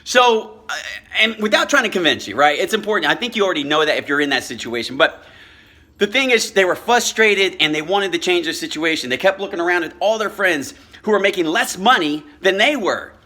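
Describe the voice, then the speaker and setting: A man's voice: high voice, expressive, a little fast, sharp tone. A man talking to his viewers about credit as a coach, earnest and passionate, often stumbling and repeating words. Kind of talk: motivational vlog talk.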